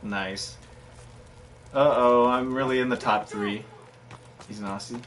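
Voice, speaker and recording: A man's voice: medium pitch, fairly even intonation, unhurried, background noise. A man in his thirties chatting casually while streaming a game, rambling and self-mocking, often breaking into laughter. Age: 30s. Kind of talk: casual chat while gaming.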